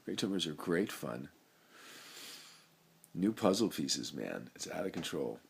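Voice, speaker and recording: A man's voice: very deep voice, very animated, a little slow, vocal fry, husky. A middle-aged man with a brain tumor, rambling through his thoughts in a free-associating personal monologue, full of laid-back slang. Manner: rambling, free-associating, swings between loud and soft.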